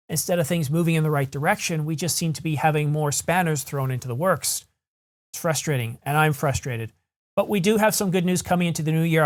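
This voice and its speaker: A man hosting a camera news channel, ranting in a frustrated, rambling way and correcting himself as he talks. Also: on the high side. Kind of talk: solo vlog rant.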